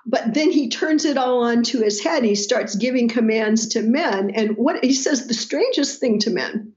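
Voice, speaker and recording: Woman, higher voice, animated, laughing often, dull lo-fi remote audio. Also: normal speed. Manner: animated, laughing, quotes voices while explaining. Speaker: New Testament scholar guest. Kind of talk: podcast interview.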